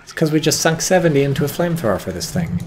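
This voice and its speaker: A man giving casual, profane, excitable commentary on a strategy game match, with wry asides. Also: fairly high pitch, fast talker, a little hiss or hum. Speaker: game caster.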